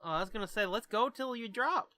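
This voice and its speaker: A man's voice: high-pitched, quick pace, pushed and bright, no echo. A man co-hosting a podcast, chatting casually about comics, laid-back and swearing freely. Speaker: podcast co-host. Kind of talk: casual comic-book review chat.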